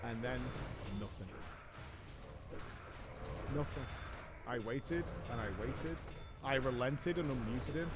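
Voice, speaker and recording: A man's voice: mid-range voice, takes it slowly, long pauses, over music. A man telling a comic story from an online game, wry and exasperated. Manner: wry, exasperated, often laughing. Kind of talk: comic gaming story narration.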